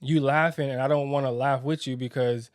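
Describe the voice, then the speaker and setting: A man's voice: medium pitch, steady tone, no room sound, clean studio sound. A young man co-hosting a married-couple podcast, talking candidly and reflectively, with many fillers and restarts. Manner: reflective, halting, filler-heavy. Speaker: podcast co-host.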